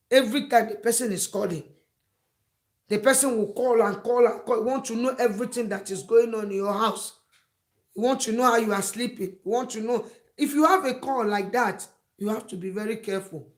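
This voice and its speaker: A woman giving emphatic, repetitive advice to camera and acting out the words of friends. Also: a little high. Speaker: advice vlogger. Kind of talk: preachy advice talk to camera.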